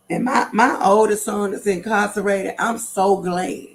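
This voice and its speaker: A woman's voice: medium pitch, steady tone, a little slow, hardly any pauses, a little hiss or hum. A middle-aged woman hosting a casual livestream, talking straight to her viewers in a repetitive, emphatic way. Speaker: livestream host.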